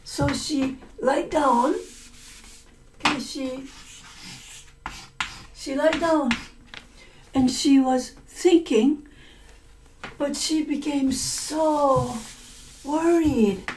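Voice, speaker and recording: A woman's voice: high voice, drawn-out words, long pauses, darkish tone, a little hiss or hum, low-quality recording. A woman teacher telling a folk tale to language learners, repeating words and explaining them in simple terms. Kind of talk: story-listening lesson, retelling a folk tale.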